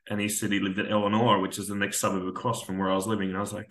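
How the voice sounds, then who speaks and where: Talking very fast in a level, fairly low voice with a somewhat bright tone, a male army veteran recounts a blunt personal story as a podcast guest. He swears a lot and performs the dialogue himself, and the room sounds echoey.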